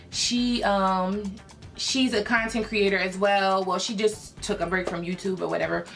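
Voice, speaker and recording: A young woman from Philadelphia, a beauty YouTuber, telling an excited storytime to her viewers in a chatty way with many fillers. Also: medium pitch. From Philadelphia, USA. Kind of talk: storytime vlog, casual chat to viewers.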